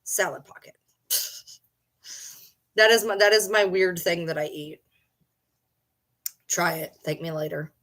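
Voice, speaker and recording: A woman's voice: fairly low pitch, slow, pauses often, a bit bright. A woman from Michigan chats loosely with viewers, rambling from one topic to the next. Her talk is casual and teasing, and she fondly scolds her pet in between. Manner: chatty, teasing, talks baby talk to her pets. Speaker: streamer chatting with viewers. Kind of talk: casual chat.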